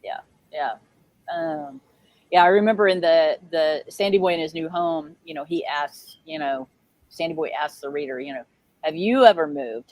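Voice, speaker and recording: A woman's voice: low-pitched, no room sound. A middle-aged woman, a children's author, chatting casually on a video call from a small RV, with lots of fillers and laughs. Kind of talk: casual livestream chat. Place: small RV with pets.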